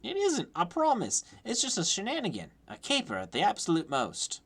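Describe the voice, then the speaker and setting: A man's voice: high-pitched, wildly swooping pitch, moderate pace, a bit bright, slightly rough, pitched above the performer's own voice, exaggerated voice. A man voicing a patched-up orphan child in a mock Cockney accent, chirpy and cheeky.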